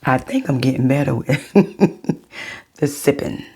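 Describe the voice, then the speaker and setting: A middle-aged woman vlogging, telling her viewers a personal story in a chatty, unhurried way. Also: rumbling low, expressive, mellow, breathy edge.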